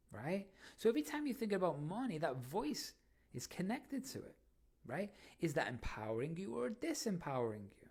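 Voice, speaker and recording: A man hosting a motivational podcast, coaching listeners with energetic questions. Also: sits high, moderate pace, breathy edge. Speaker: podcast host.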